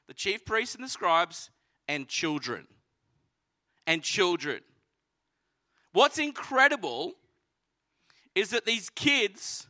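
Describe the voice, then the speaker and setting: A man preaching a sermon, telling the story with animated energy and acting out voices. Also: high-pitched. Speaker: pastor.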